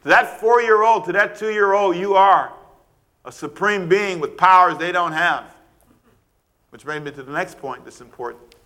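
A male pastor preaching a sermon, asking rhetorical questions, laughing between points and acting out quoted scolding. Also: moderate pace. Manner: preaching with wide swings of pitch and loudness, rhetorical questions.

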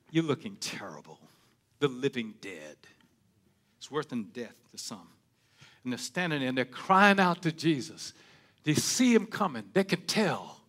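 A man a sermon, dropping to hushed murmurs and then rising to shouted, ringing cries. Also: medium pitch. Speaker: preacher.

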